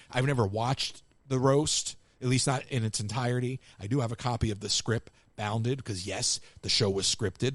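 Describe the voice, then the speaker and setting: A man's voice: medium pitch, no echo. A man hosting a live call-in show, telling casual anecdotes and acting out what other people said. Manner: animated anecdotes, acts out other people's lines. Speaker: radio show host. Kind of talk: casual storytelling to live callers.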